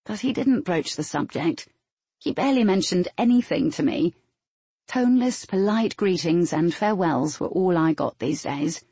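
A woman reading a first-person novel aloud in a steady, matter-of-fact storytelling manner. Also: fairly low pitch, moderate pace, husky, no echo. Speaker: audiobook narrator. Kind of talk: first-person scripted narration.

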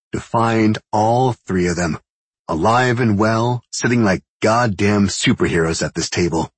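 Deep husky male narrator, dry close sound. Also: no room sound. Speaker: audiobook narrator. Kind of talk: first-person scripted narration.

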